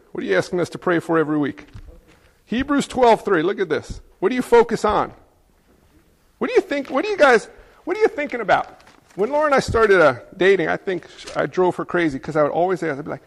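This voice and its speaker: A middle-aged man preaching a sermon in an animated, conversational way, with frequent asides to the congregation. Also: high voice, creaky, big-room sound. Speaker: pastor.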